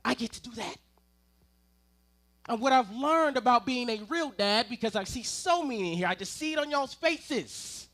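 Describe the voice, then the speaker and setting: A man preaching to a congregation in a high, bright voice. He spins humorous family stories and turns often to his listeners with playful asides. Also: lively intonation, moderate pace. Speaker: ministerial intern preaching. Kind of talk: sermon with personal storytelling. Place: church service before a congregation.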